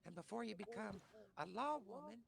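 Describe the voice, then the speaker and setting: A woman's voice: mid-range voice, expressive, fairly quick, creaky, a crowd in the background. A woman role-playing an outlaw gang member, talking in a rambling, hesitant way. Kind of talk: in-character role-play. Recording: very noisy game voice chat.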